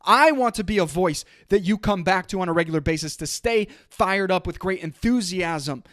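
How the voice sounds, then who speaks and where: A high-pitched man in his thirties delivers a motivational podcast monologue straight into a studio microphone. He speaks with fiery emphasis and hammers home repeated phrases. The sound is dry, with no room around it. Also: lively intonation, moderate pace, fairly bright tone, dry recording. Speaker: podcast host and coach. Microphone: studio microphone and camera.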